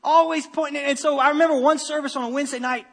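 High-voiced preacher man in an echoey hall. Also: very fast, creaky. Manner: animated, repeats phrases, self-interrupting restarts. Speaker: pastor. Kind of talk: sermon.

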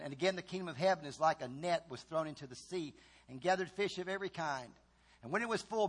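A high-pitched man preaching a sermon in a church. He drops to slow, quiet lines, then bursts into shouted cries and groans as he acts out the voices of his story. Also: breathy edge. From Virginia. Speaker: pastor.

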